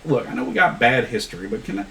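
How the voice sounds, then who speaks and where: A man voicing a gruff, sheepish middle-aged man with a thick Appalachian accent, drawling and complaining. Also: mid-range voice, lively intonation, fast talker, a bit bright, roomy sound, far from the mic.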